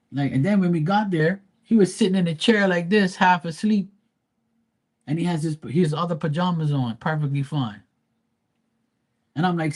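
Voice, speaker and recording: A man's voice: fairly high pitch, normal speed. A middle-aged man hosting a live stream from home, ranting casually and profanely about his worrying parents. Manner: exasperated, profane, animated storytelling. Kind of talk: casual rant to viewers. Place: at home by a running dryer.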